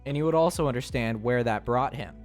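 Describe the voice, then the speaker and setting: A man's voice: mid-range voice, a little fast, soft background music. A young man streaming live, chatting playfully with his chat, laughing often and tripping over his words.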